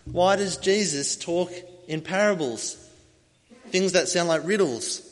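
A man's voice: sits high, slow. Man preaching in a reverberant hall. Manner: storytelling, animated, acts out voices in the telling. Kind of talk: sermon.

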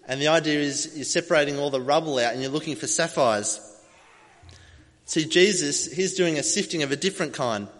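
A man's voice: fairly high pitch, fairly quick, fairly bright tone. A man preaching a sermon, telling a story with animation and acting out voices as he goes. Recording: long hall reverb.

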